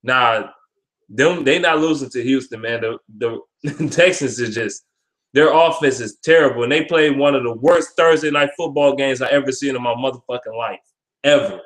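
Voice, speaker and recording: A man's voice: mid-range voice, normal speed, fairly bright tone, low-quality recording. A man hosting a casual video of sports predictions, talking bluntly with plenty of swearing and often repeating and restarting his words. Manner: blunt, profane trash talk with frequent repeats and restarts; stumbles over words. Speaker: vlog host giving sports picks.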